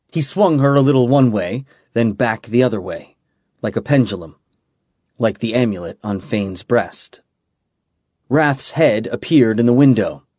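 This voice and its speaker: A man narrating a fantasy audiobook with a measured, dramatic reading. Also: mid-range voice, mellow, no echo, clean studio sound. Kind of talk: scripted narration.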